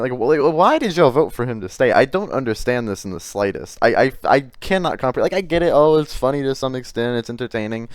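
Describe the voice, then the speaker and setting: A man's voice: medium pitch, lively intonation, fast talker, few pauses, dry recording, studio quality. A man doing commentary on chat messages, exasperated and profane, often stammering and restarting his sentences. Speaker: commentary YouTuber.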